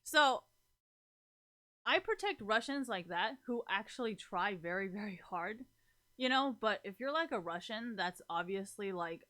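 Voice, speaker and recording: A woman's voice: mid-range voice, animated, moderate pace, pushed and bright. A young woman chatting to her viewers in a loose, rambling way, full of fillers, swearing and frequent laughter. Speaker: streamer talking to viewers. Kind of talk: casual rambling chat.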